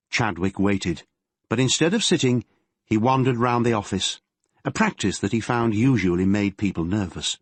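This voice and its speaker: A male narrator reading a crime novel in a measured storytelling manner. His voice is husky and animated in pitch. The recording is dry and close. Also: no echo. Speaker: audiobook narrator. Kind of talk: scripted narration.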